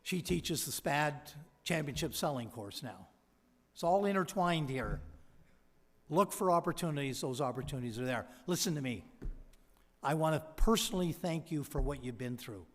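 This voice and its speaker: Male ceremony speaker, anecdotal and lively, slightly higher pitch, podium mic in a big echoing hall. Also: normal speed. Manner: storytelling, quoting others. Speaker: convocation speaker. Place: large hall. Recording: long hall reverb.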